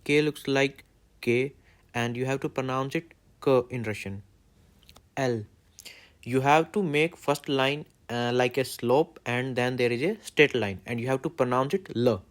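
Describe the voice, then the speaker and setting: A man's voice: mid-range voice, unhurried. A man, a Hindi native speaker, teaching letters in plain step-by-step explanations. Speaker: language teacher. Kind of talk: alphabet lesson.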